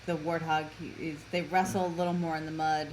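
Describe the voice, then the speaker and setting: A woman's voice: low voice, little pitch movement, fairly quick, slight background noise. A woman co-hosting a casual movie podcast, chatting through the plot and adding wry jokes. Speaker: podcast co-host.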